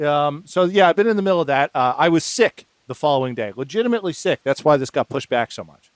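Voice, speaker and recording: A man co-hosting a podcast in casual chat, wry and sarcastic with a deadpan edge. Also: on the high side, fast, dry recording. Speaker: podcast co-host.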